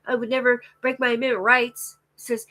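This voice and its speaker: A woman's voice: fairly high pitch, little pitch movement, brisk, bright, forceful tone, rough recording. A woman rambling through a live stream monologue, full of fillers and restarts, swearing often. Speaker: vlogger.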